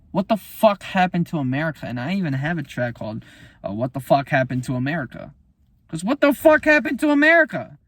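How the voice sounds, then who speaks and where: Profane, heated man with a lively voice. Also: a little high, no room sound. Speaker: musician discussing his album. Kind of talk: casual unscripted monologue.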